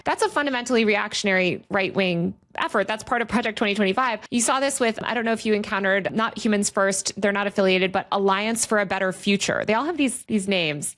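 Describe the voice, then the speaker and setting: A woman podcast host in casual political chat. She talks fast and sardonically, waving off arguments she finds silly with throwaway phrases. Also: medium pitch, fairly bright tone. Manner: quick, sardonic, brushes points off with filler phrases.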